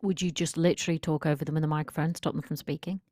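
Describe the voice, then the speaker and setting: A woman's voice: low voice, steady tone, very fast, warm tone, dry recording, clean studio sound. A woman confidence coach talking through a solo podcast episode in an emphatic, direct, conversational way.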